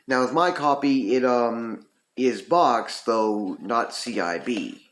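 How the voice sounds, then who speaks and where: A man's voice: medium pitch, slow pace, fairly bright tone, slight background noise. A man casually reviewing a retro video game, rambling with lots of ums and uhs. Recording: roomy echo.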